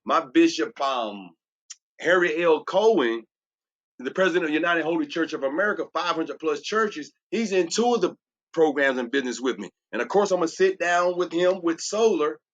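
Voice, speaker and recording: Emphatic coach type, man, a bit high-voiced, churchy sales pitch, muffled lo-fi recording. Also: lively intonation, normal speed. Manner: preachy, emphatic, repeats "watch this". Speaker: transformational coach. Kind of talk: solar sales presentation.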